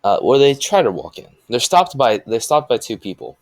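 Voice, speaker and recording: A man's voice: mid-range voice, big pitch swings, normal speed, no room sound. A man improvising a fan story and rambling along with many restarts and fillers.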